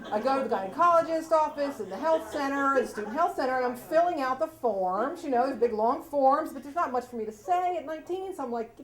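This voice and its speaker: High-voiced woman telling a funny story on stage. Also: lively intonation, a little fast, few pauses. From Delaware, USA. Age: 40s. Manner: chatty, self-mocking, laughing through the tale. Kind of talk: live story slam telling. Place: stage before a live audience in a hall. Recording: echoey hall, audience noise.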